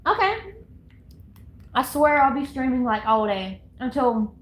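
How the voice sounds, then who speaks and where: A woman's voice: high voice, animated, measured pace, roomy sound. A woman live-streaming from home, chatting casually and rambling to her viewers and herself. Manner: rambling, giggly, talks to chat and herself. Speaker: livestreamer. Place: at home, indoors.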